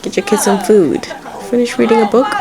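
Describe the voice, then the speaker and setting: A woman's voice: a little high, fairly even intonation, fairly quick. A woman giving casual, rambling let's-play commentary as she plays, swearing freely and talking to her game characters. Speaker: gaming video creator.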